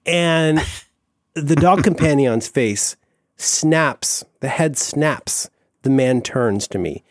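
A man's voice: fairly high pitch, slow, no room sound, clean studio sound. A middle-aged man co-hosting a podcast in casual comedic chat, gushing and stammering through restarts. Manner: animated, gushing, mock-wistful, stammering restarts. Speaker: podcast co-host.

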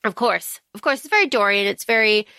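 A woman's voice: medium pitch, animated, brisk, bright, forceful tone, no echo. A woman co-hosting a podcast, chatting casually and frankly about a book, swearing freely and acting out lines. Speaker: podcast co-host. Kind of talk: casual book discussion chat.

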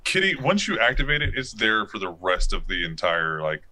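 A man narrating a tabletop game as game master, casual and halting. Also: fairly low pitch, big pitch swings, bright, forceful tone.

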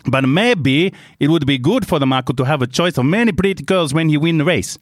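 A man's voice: fairly high pitch, expressive, a little fast, no echo, studio quality, pitched above the performer's own voice, natural voice. A man on a podcast putting on a hammy, over-the-top Italian accent as a boastful racing star. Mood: hammy boasting. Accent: put-on Italian. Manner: hammy, over-the-top, shouting, laughing through it. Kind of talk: comic impression on a podcast.

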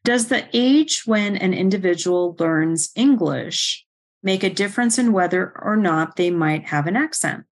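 A woman's voice: mid-range voice, expressive, measured pace. A woman hosting a professional podcast, asking her guest organized, inquisitive questions. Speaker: podcast host. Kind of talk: podcast interview.

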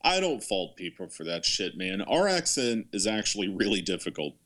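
A podcast co-host with a low, sing-song, slightly bright voice talks at normal speed, making analytical and argumentative points about films during casual movie review chat.

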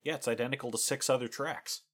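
A man's voice: medium pitch, fairly even intonation, fast, fairly bright tone. A man co-hosting a casual music podcast, giving dry, sarcastic criticism. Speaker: podcast co-host. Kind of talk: casual chat.

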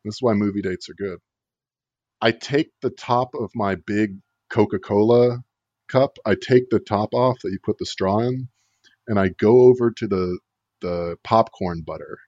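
A man's voice: on the low side, unhurried, darkish tone, dry recording. A man telling a comic story in a rambling, wry way, with plenty of filler words. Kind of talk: casual comedic storytelling. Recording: dull lo-fi dry sound.

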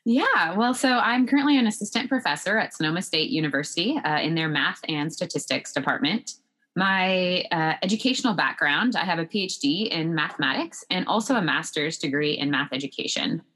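Woman, low pitch, podcast guest, earnest and reflective. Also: expressive, a little fast, fairly bright tone. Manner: earnest, reflective, with frequent fillers. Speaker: guest, math professor. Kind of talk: interview answers.

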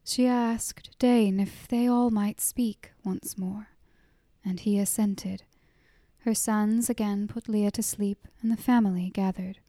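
A woman reading a story aloud in a hushed, half-whispered narration. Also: medium pitch, fairly even intonation, takes it slowly, no room sound, studio quality. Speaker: audiobook narrator. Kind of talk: soft-spoken storybook narration.

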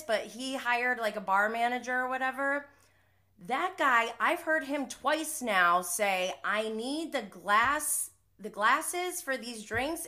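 A woman's voice: mid-range voice, sharp tone. A young woman hosting a live stream, chatting casually through a TV episode recap, laughing and using many fillers. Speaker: recap host.

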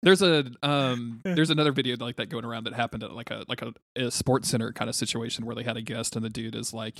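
A man co-hosting a podcast in casual chat, telling stories in an animated way and acting out what others said. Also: mid-range voice, quick pace, few pauses, no echo, studio quality. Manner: animated storytelling, acting out quotes. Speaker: podcast co-host.

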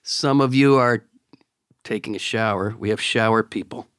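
A middle-aged man co-hosting a podcast, telling stories in an animated way and repeating words when excited. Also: lowish voice, normal speed, clean tone, dry recording, clean studio sound. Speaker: podcast co-host. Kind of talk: casual chat and storytelling.

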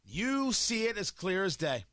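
High-pitched combative male commentary host. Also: big pitch swings, a little slow, fairly bright tone, dry recording. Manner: combative, rhetorical questions, emphatic repetition. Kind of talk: opinionated political commentary.

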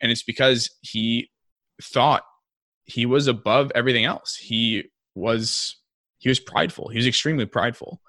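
A man's voice: mid-range voice, normal speed, bright, forceful tone, no room sound, studio quality. A young man co-hosting a casual podcast discussion, talking in a chatty way with lots of fillers and restarts. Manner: chatty, many likes and restarts, acts out quotes. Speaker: podcast co-host.

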